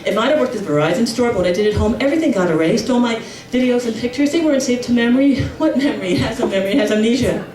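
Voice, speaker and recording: A middle-aged woman performing a brash stand-up comedy routine, now and then breaking into shrill squealing voices for her relatives. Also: animated, very fast, hardly any pauses, a little mellow, recorded from a distance. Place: comedy club. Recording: echoey club room, mic heard from afar, audience laughter. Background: crowd laughing.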